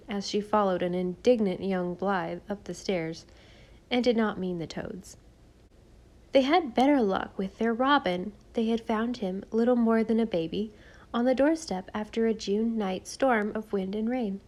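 This is an audiobook of a children's classic, narrated from a script by a woman whose voice sits in the middle range. She reads calmly and evenly, staying measured yet expressive.

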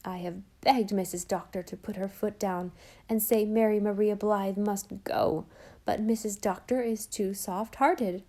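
A woman's voice: medium pitch, fairly even intonation, a little slow, warm tone, lightly acted. A woman voicing an earnest, fretful housekeeper in an audiobook, talking in a solemn, imploring, dramatic way. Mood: solemn complaint. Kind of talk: audiobook character voice.

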